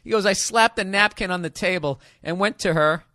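On his comic advice show, a middle-aged podcast host reads listener letters and tears into them with loud, foul-mouthed riffs. He's forceful, talks a little fast in a fairly high voice, and is captured by a close, dry studio mic without echo.

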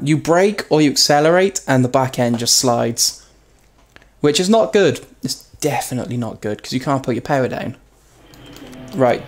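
A man commenting on his own racing gameplay, joking at his own expense and yelping loudly when he crashes. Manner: self-mocking, yelps high when crashing. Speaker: gaming YouTuber. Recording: loud background noise.

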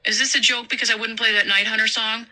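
A woman's voice: on the high side, little pitch movement, quick pace, bright, forceful tone, pitched above the performer's own voice, low-quality recording. A woman reading a story aloud and voicing a skeptical man on the phone. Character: skeptical male mall DJ, casual.

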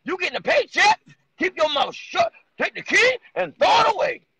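A man's voice: very high-pitched, huge pitch swings, normal speed, vocal fry, pushed and bright, no room sound, voice pushed up, heavily acted. A man doing a jeering mock TV host. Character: mocking impression of a male TV host, scolding.

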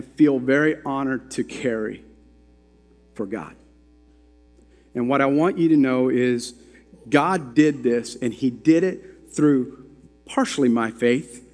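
A man's voice: medium pitch, darkish tone. A man preaching a sermon to his congregation, telling a story and putting emphatic questions to the listeners. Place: church sanctuary. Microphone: handheld or stand microphone. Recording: long hall reverb in a church.

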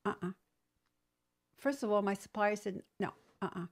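A woman entrepreneur telling stories in an interview, lively, acting out quoted dialogue. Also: medium pitch, normal speed. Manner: animated storyteller, acts out quoted dialogue. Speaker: entrepreneur guest; business trainer. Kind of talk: storytelling interview.

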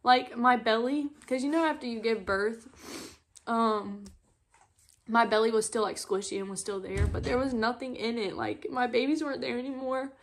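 A young woman, telling her own story at home as a mother vlogger, tearful and halting, with many filler words. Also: fairly high pitch. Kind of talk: emotional personal storytelling. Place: at home on a couch.

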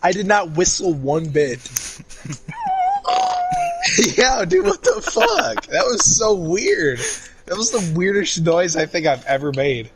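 A young man in casual gaming banter over voice chat, laughing often and breaking into sudden loud yelps. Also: sits high, huge pitch swings, slow, creaky, pauses often, very noisy. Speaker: gamer in voice chat.

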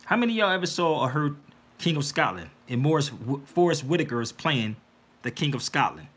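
Brisk and husky, this man's voice sits a little high as he hosts a livestream. He preaches to his audience, casual but insistent, addressing them as "y'all" with plenty of animation.

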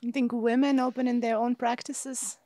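A woman speaking as a podcast guest in a measured, thoughtful way with occasional fillers. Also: fairly high pitch, level tone, warm tone, no room sound, clean studio sound. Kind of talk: casual conversation.

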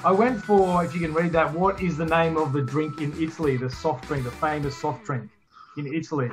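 Aussie guy joking around on a trivia show, voice a bit high, music playing under him. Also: fairly even intonation, fairly quick. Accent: Australian. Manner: jokey, bursts into mock outrage. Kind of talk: casual group banter.

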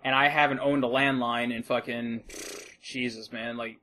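A man's voice: mid-range voice, flat delivery, moderate pace, bright, forceful tone, slight background noise. A young American man co-hosting a podcast, telling an exasperated story with a lot of swearing and acting out both sides of the conversation. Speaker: podcast co-host. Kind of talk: casual profane storytelling.

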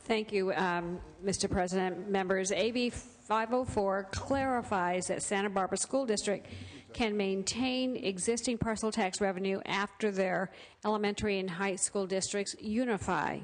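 A woman senator explaining a bill to her colleagues in a prepared, formal manner. Her mid-pitched voice is plain and even. It carries with a long reverb through a large legislative chamber. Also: normal speed. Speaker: state senator presenting a bill. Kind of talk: formal floor speech.

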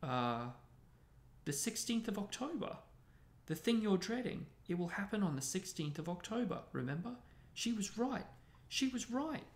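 A man's voice: fairly high pitch, very animated, moderate pace, gravelly, few pauses, echoey room. A man voicing a tearful, melodramatic teenage girl in a storybook reading.

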